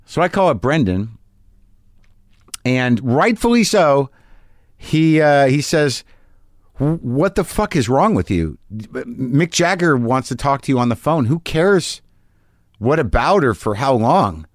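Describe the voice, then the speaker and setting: A man's voice: mid-range voice, a little slow, long pauses, no room sound. Guy rambling thru a story on his garage podcast, swears a lot, dry close sound. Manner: rambling, profane, excitable storytelling. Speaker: podcast host. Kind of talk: casual storytelling monologue. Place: home garage studio.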